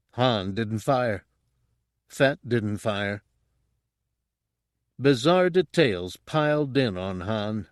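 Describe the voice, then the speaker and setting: A man reading an audiobook in steady, scripted narration. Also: on the low side, no echo, studio quality.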